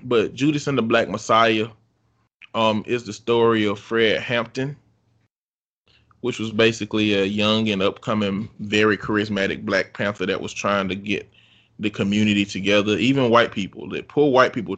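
Bright-voiced laid-back man chatting. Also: fairly low pitch, highs cut off. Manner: laid-back, rambling, lots of fillers. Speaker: podcast co-host. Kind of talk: casual chat.

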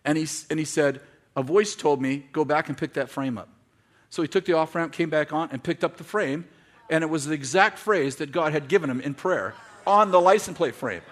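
A man preaching a sermon to a congregation, telling stories with quoted dialogue and building to shouted, repeated lines. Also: on the high side, brisk. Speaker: pastor. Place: church in front of a congregation.

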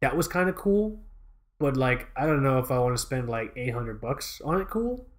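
A man's voice: mid-range voice, sing-song, normal speed. Rambling, enthusiastic man chatting. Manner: rambling, enthusiastic, swears freely. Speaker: podcast co-host. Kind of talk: casual chat.

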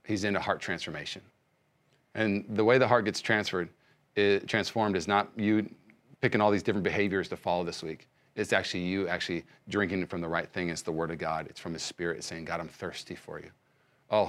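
Fast-talking, fervent male pastor. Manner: swings from quiet, slow passages to loud, high, fervent bursts, acting out prayers; frequent repeated words and restarts. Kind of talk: sermon.

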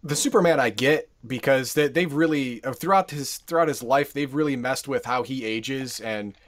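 A man's voice: medium pitch, moderate pace. A man co-hosting a casual chat, chiming in with short, agreeable remarks.

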